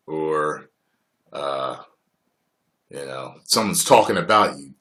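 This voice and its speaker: A man in his forties from the United States hosts a casual livestream chat in a lowish voice. He talks slowly, with a lively, swooping pitch. His talk is profane and full of laughter, and it swings between loud and soft. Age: 40s. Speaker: livestream host.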